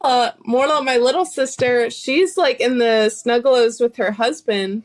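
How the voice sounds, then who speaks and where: Woman guest chatting loosely, lots of likes and giggles, kinda high voice. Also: a little slow. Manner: heavy use of "like", giggly and easygoing. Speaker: guest musician. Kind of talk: casual interview chat.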